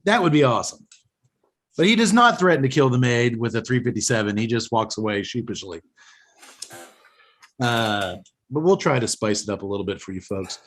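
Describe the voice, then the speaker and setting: A man hosts a podcast in casual chat. He rambles and holds strong opinions, often restarting his sentences. His voice sits at an ordinary middle pitch. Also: expressive, normal speed. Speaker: podcast host.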